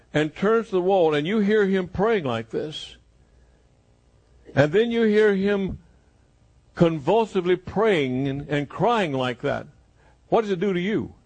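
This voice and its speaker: A man preaching a sermon who repeats phrases for emphasis, asks his listeners questions, and slows to stretch words at emotional peaks. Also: on the high side, darkish tone, husky.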